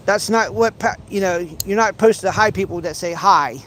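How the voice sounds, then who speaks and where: High-voiced man rambling while fishing. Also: a little fast, fairly bright tone, a little hiss or hum. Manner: rambling, restarts often, playful teasing. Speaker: fishing livestreamer. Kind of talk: casual livestream chat while fishing. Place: outdoors by a pond.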